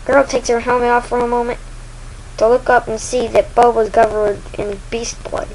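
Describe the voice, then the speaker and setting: A woman's voice: fairly high pitch, flat delivery, normal speed, a little mellow, slight background noise, poor audio. A woman casually retelling a video game's story, rambling and adding sound effects. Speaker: game video narrator.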